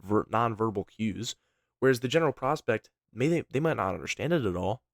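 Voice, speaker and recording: A man coaching on sales in an energetic, conversational way, often tagging his points with "right?". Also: lowish voice, fairly quick, creaky, no echo, clean studio sound.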